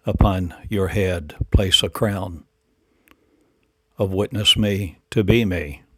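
A man's voice: sits low, slow, a bit bright, husky, dry recording, studio quality. A man delivering a rambling spiritual monologue in incantatory, repetitive declarations and rhetorical questions.

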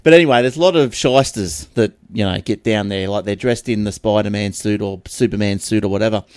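An Australian man chatting casually on a podcast, telling lively stories, acting out other people's voices and laughing often. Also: fairly low pitch, brisk, clear, resonant tone, no echo, studio quality. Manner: animated storyteller, acts out voices, laughs often. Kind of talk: casual chat.

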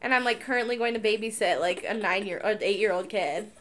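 A young woman co-hosting a podcast, telling a story in casual chat, animated and full of "like". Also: medium pitch, brisk, slight background noise. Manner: animated, filler-heavy storytelling with lots of "like". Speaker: podcast co-host.

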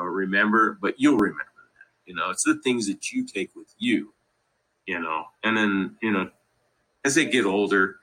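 A man from Colorado, USA, speaks in a low, bright, forceful voice on a rough recording. Guesting on a podcast, he rambles through family anecdotes in casual interview fashion, laughing through the funny parts and leaning on "you know" at every turn.

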